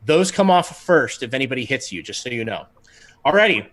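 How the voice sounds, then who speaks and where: A man's voice: mid-range voice, very animated, brisk, a bit bright. A man acting as game master, narrating a tabletop game on a livestream in an easygoing, chatty way with frequent ums.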